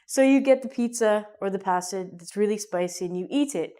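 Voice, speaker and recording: Speaking a little fast in a medium pitch, this Canadian-accented woman teaches English online in a playful, jokey style. She performs mini scenes with abrupt loud moments and quiet, hushed ones.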